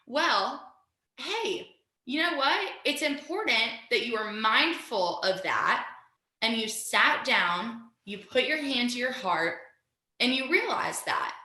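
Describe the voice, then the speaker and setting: A woman teacher with a fairly high, bright voice leads a mindfulness lesson over a video call. She talks straight to her students in an upbeat, encouraging way. Her voice carries a roomy echo. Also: animated, slow pace.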